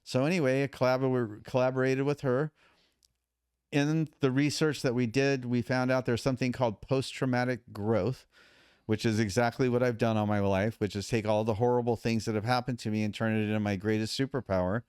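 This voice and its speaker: A man's voice: medium pitch, fairly quick, clean tone, no room sound, studio quality. A middle-aged man as a podcast guest, telling his story casually and acting out what others said. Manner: animated, acts out quotes of others.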